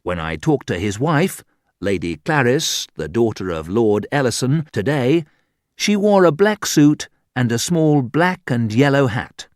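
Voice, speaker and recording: A man reading a humorous book aloud as an audiobook narrator, in deliberate scripted narration. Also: medium pitch, big pitch swings, dry recording, studio quality.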